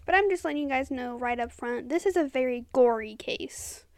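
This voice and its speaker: A woman co-hosting a podcast in casual chat, talking fast and excitedly. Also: sits high, clean tone, no echo. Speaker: podcast co-host.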